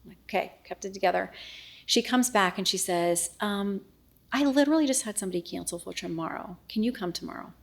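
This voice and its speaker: A middle-aged woman, a news anchor, telling a personal story in an interview, earnest and often dropping to a hushed voice as she re-enacts what was said. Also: mid-range voice, brisk, creaky. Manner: earnest, reenacts dialogue, often drops to a hushed voice.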